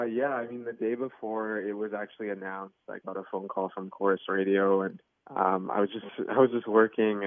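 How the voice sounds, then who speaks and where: A young man chats easily down a tinny phone line, his low voice a little gravelly. He rambles a bit, with plenty of fillers and little laughs. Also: no room sound. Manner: easygoing, chatty, laughs often, many fillers. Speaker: contest winner, guest. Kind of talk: casual phone interview.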